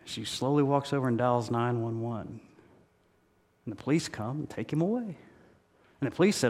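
A pastor delivering a sermon in a church, emphatic and repetitive, with humorous stories. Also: male voice, medium pitch, normal speed, pauses often, a little mellow. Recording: reverberant hall.

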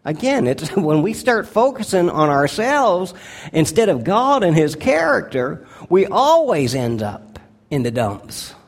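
A male pastor preaching a sermon, earnest and deliberate, slowing down to stress key words and dropping to a hushed tone for his appeals. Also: high voice, big pitch swings.

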